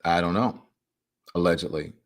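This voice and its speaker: A male talk show host with a somewhat low-pitched voice, running a livestream and reading out comments from viewers. He talks in an animated, emphatic way and adds playful, teasing asides. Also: moderate pace.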